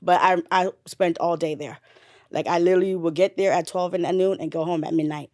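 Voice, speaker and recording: A young adult woman, a mother, candidly telling her story in a casual interview, animated, with blunt slang and swearing. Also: lowish voice, brisk, dry recording, clean studio sound.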